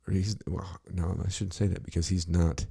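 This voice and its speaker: A low, gravelly middle-aged man talks loosely on a podcast. His voice is dark and a little husky, and he swears freely while circling around his point with constant "you know"s. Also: level tone, moderate pace. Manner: rambling, blunt and profane, full of "you know". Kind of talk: casual podcast conversation.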